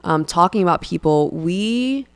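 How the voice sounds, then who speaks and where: A young woman talking casually about her faith on a podcast, lively and storytelling, often acting out what her friends said. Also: lowish voice, a little slow, clear, resonant tone. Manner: animated storyteller who acts out friends' lines. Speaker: podcast co-host.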